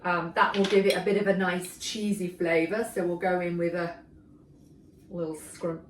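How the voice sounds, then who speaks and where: A middle-aged woman hosts a cooking demo in a roomy home kitchen. She chats enthusiastically while she works. She sits some way off the mic, with pans and dishes clattering clearly behind her. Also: on the low side, level tone, normal speed, a little hiss or hum. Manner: chatty, enthusiastic, talks while working. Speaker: cooking show host. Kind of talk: casual kitchen demonstration. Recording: echoey kitchen, mic far off.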